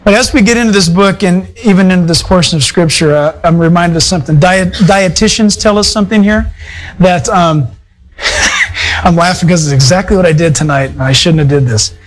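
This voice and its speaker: Guy preaching to his fellowship, pretty high voice, chatty and folksy with little asides. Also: fairly quick, poor audio. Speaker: pastor. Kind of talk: sermon. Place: church fellowship hall.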